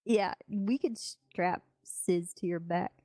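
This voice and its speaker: A young adult woman in casual role-play banter, blunt and quick to swear. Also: lowish voice, noisy background. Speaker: streamer playing a role-play character.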